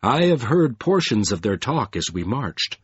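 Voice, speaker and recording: A man voicing a careful, solemn male giant in an audiobook, measured and even. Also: medium pitch, slightly rough, dry recording, highs cut off. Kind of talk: audiobook character voice.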